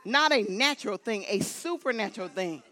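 A woman preaching a lively sermon in church, repeating emphatic exhortations to her congregation. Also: mid-range voice, moderate pace. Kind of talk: lively sermon with holy laughter. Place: church sanctuary.

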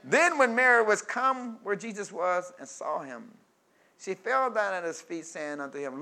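A man preaching a sermon, reading scripture and breaking into loud call-and-response asides. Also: sits high, sing-song, unhurried.

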